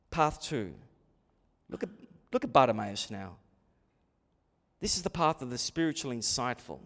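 Impassioned preacher man in a reverberant hall. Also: high-pitched. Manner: dramatic preaching, swinging from hushed to shouting. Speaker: pastor. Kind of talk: sermon.

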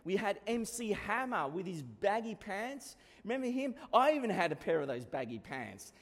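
A man's voice: high voice, very animated, moderate pace. A man in his forties with an Australian accent, preaching a sermon in a conversational, storytelling way. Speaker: pastor. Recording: long reverb of a hall.

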